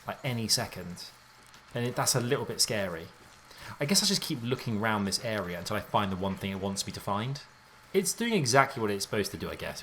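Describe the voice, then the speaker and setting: A man giving let's play commentary on a game, excitable and jumpy, thinking aloud in casual slang. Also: lowish voice, slight background noise. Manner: casual slangy talk, says mate and dude. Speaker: gaming YouTuber.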